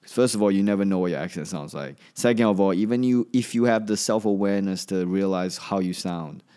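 A man's voice: low voice, brisk, warm tone, clean tone. A man hosting a solo podcast, talking in a rambling, chatty way with many restarts and a slight Australian accent. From Asia. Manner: rambling, chatty, self-correcting. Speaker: podcast host and comedian.

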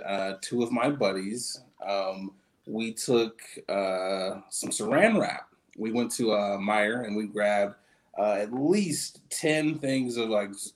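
Laid-back man telling a story. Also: lowish voice. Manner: laid-back, hesitant with fillers. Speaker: podcast co-host. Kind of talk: casual chat, storytelling.

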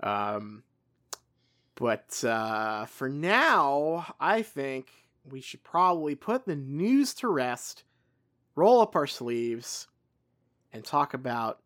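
A woman co-hosting a casual podcast, talking in a relaxed, wry, drawn-out way. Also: extremely low pitch, no echo, clean studio sound. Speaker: podcast co-host.

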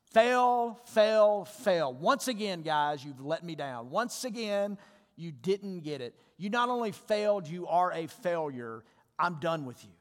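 A preacher putting on a cutting, contemptuous inner critic that barks scorn in a raised, higher voice. His words ring out with a long reverb through a church sanctuary. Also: expressive, a little slow. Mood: scornful. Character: harsh scolding male inner critic voice.

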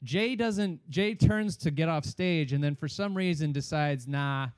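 A man's voice: a little high, unhurried, no room sound, studio quality. A young man, a stand-up comedian, telling a story in casual chat and acting out other people's voices. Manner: animated, acts out other people's voices, swears a lot.

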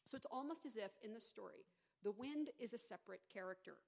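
High-voiced woman preaching a sermon. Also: fast, vocal fry. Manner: storytelling, animated retelling with dramatic emphasis. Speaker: pastor.

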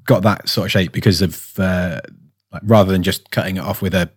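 Deep-voiced laid-back man. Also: steady tone, brisk, breathy edge, no room sound, clean studio sound. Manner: laid-back, explains with fillers. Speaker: podcast co-host. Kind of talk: casual chat.

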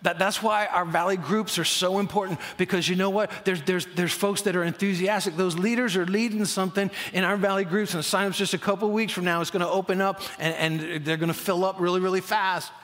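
A middle-aged male pastor delivers a sermon from a church stage, his slightly high voice carried by a long reverberating hall. He tells stories, sinks to a near-whisper for prayers, and climbs to loud emphasis when he presses a point. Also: steady tone, fairly quick, few pauses. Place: church auditorium.

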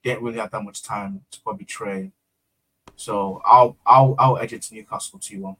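Husky man analysing a football match. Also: lowish voice, moderate pace, rough recording. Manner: steady, reasoned analysis. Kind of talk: casual sports chat.

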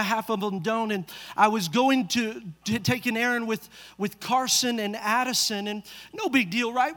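A man with a very high voice preaches from a church stage, spinning a family story and firing rhetorical questions at the pews. His voice rings out with a long hall echo. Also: bright, forceful tone. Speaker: pastor. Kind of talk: sermon.

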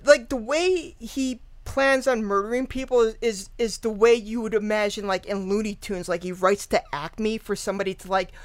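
A woman guest tells a true-crime story in loose, rambling chat, full of fillers, laughter and swearing. Her voice sits at a middle pitch. The recording is dry, with no room echo. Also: moderate pace, hardly any pauses. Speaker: podcast guest.

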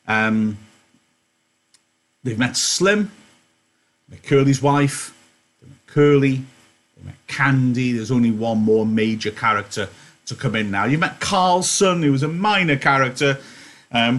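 A man's voice: medium pitch, a bit bright. A man teaching an online literature lesson, chatty and joking, interrupting his own reading to explain. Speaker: English teacher.

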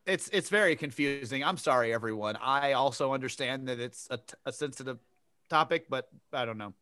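A man co-hosting a podcast in casual chat, trading quick jokes and banter. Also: medium pitch, sharp tone, no echo. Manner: joking, quick-witted banter.

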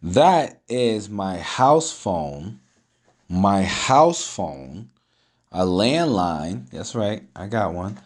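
A man's voice: fairly low pitch, extremely slow. A man talking at home, telling a long story in a casual, slangy, profane way and acting out each person's lines. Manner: animated, profane, slangy, acts out the dialogue.

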